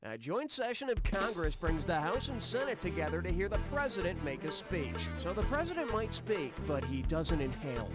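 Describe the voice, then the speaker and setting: A smug, bossy game-show host with bouncy delivery. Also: male voice, high-pitched, big pitch swings, moderate pace, few pauses. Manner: snappy punchline delivery. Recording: game audio with loud music underneath.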